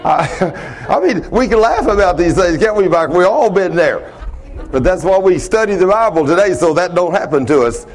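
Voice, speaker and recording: A man preaching a sermon in a folksy storytelling way, laughing at his own stories and swinging between loud and hushed. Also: high voice, animated, moderate pace.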